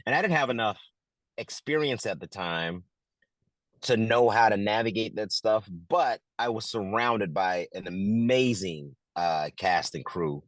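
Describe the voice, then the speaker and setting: Middle-aged man, low voice, dry close sound, casual anecdote, restarts. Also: unhurried, dry recording. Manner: animated, acts out quotes, many restarts. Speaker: actor and director, interview guest. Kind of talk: casual interview storytelling.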